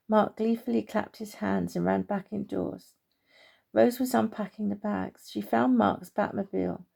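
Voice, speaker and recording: A woman, gently reading a children's story aloud. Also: mid-range voice, steady tone, normal speed, creaky.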